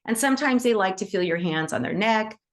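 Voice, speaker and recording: A woman hosting an animal Reiki session over a video call, telling stories in a gentle, enthusiastic way with many "right?" asides. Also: mid-range voice, expressive, fairly quick. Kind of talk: casual teaching chat on a video call.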